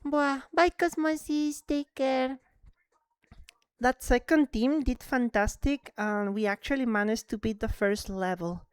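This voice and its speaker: A woman streaming live, chatting casually and excitably with viewers while playing, slipping between English and Spanish. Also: sits high, unhurried, smooth, no echo, studio quality.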